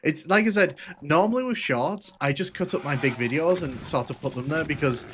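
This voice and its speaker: A man's voice: a little high, brisk, a bit bright, faint music behind. A man giving casual, rambling commentary on a live game stream, answering chat with many restarts and fillers.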